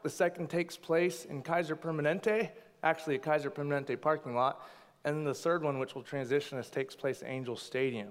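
Man, 30s, pastor, sermon, storytelling, playful asides, smooth resonant voice, slightly high, long hall reverb. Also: a bit bright. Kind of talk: sermon with personal stories.

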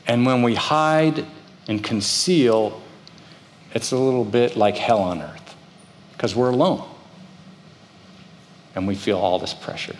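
A man's voice: mid-range voice, slow, long pauses, slight background noise. A middle-aged man preaching a sermon as pastor, telling stories and acting out the voices of the people in them. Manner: storytelling, acts out quoted voices. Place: church. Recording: reverberant church hall.

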